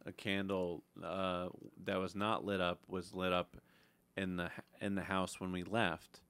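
A man's voice: low voice, little pitch movement, unhurried, fairly bright tone, clean tone, no room sound. A man co-hosting a podcast in casual chat, hesitant and a little defensive as he tells his stories. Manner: hesitant, defensive, laughs easily. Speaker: podcast co-host.

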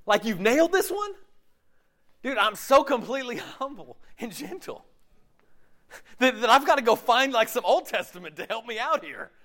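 A man's voice: very high-pitched, animated, normal speed, fairly bright tone. A male pastor preaching a sermon in a casual, joking, slangy way.

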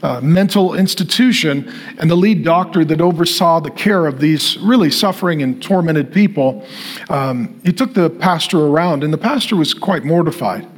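Pastor, male, high-pitched, preaching in building repetitive lines, goes quiet on solemn phrases. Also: animated, normal speed. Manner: repetitive rhetorical preaching, builds to emphatic declarations. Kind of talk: sermon.

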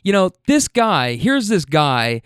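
A man's voice: sits high, big pitch swings, slow pace, a bit bright, clear, resonant tone, no echo, clean studio sound. A man who hosts a podcast and drives rideshare, telling a rambling story with swearing and lots of restarts. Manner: rambling, profane, many restarts. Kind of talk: casual storytelling.

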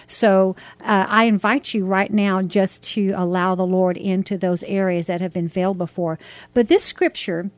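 A woman's voice: mid-range voice, darkish tone, no echo. A woman minister teaching a sermon in an earnest, preacherly way, stressing key words.

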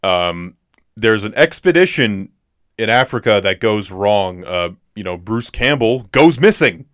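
This is a casual movie chat from a man co-hosting a podcast, loaded with fillers and restarts as he rambles. He speaks a little slowly in a lowish, animated voice with a fairly bright tone. The sound is studio quality, with no room sound.

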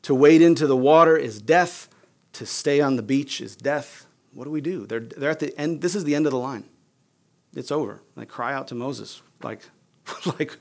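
Male pastor, casual conversational sermon, mid pitch, gravelly. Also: normal speed. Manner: conversational, casual with fillers like "you guys" and "like".

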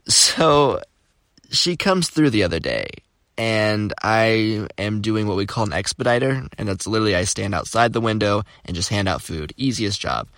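A young man from Florida hosting a podcast, telling casual stories in an animated, jokey, exclamatory way. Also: lowish voice, dry recording, clean studio sound. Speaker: podcast host. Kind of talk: casual storytelling.

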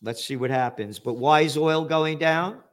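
An older man from the Bronx, hosting a news commentary show in a profane, combative manner that breaks into shouting. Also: fairly high pitch, normal speed. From the Bronx, New York. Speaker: host of a trends news show.

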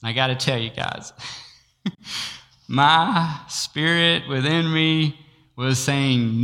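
A man's voice: on the high side, lively intonation, slow pace, bright, forceful tone. A man preaching a sermon who tells a personal story, acts out the dialogue and laughs often. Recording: long reverb of a large hall.

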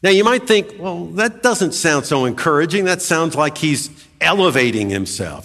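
Lively, slow-paced male preacher in a reverberant hall. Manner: animated, emphatic preaching with dramatic pitch swings. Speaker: pastor. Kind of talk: sermon.

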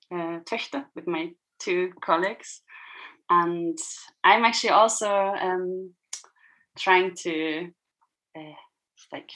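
A woman's voice: lowish voice, fairly bright tone, poor audio. A woman from Germany, a violinist answering interview questions while searching for her words. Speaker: violinist guest.

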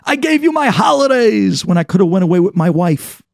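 A man's voice: sits high, wildly swooping pitch, a little slow, creaky, a little mellow, breathy edge, dry recording, clean studio sound, voice pushed up, full character voice. A man voicing a bitter aging senior manager who screams about the forty years he gave his company. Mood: outraged. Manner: screaming, pounding his chest.

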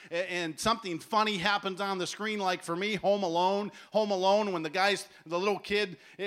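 A man in his forties preaching a sermon at a festival, telling stories with animated acted-out voices. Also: high-pitched, clean tone. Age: 40s. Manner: animated storytelling, acts out voices. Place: large tent festival gathering.

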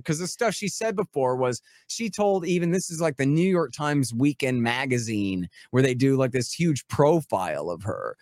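A man's voice: mid-range voice, lively intonation, moderate pace, few pauses, darkish tone, no echo, clean studio sound. A man speaking as a guest expert in a casual podcast conversation, rambling and sarcastic, swearing freely.

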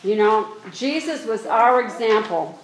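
A woman preaching a sermon, reading scripture aloud slowly and exhorting her congregation earnestly. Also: fairly high pitch, lively intonation. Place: church. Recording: echoey room with faint noise.

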